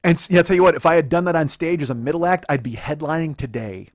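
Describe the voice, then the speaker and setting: A man hosting a comedy podcast, rattling off profane rants at a fast clip. His voice sits a bit high for a man and comes through a close microphone in a dry room with no echo. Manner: profane, rambling, rapid rants with mocking put-on quotes. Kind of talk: casual comedic chat. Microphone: close studio microphone.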